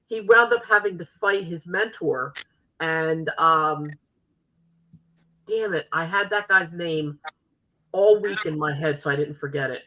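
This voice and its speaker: An older woman hosts a podcast in casual chat and gushes like an excited fan. Her voice is bright and forceful. The recording sounds dull and lo-fi. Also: fairly low pitch, a little hiss or hum. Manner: animated, gushing fan storytelling. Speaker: podcast host.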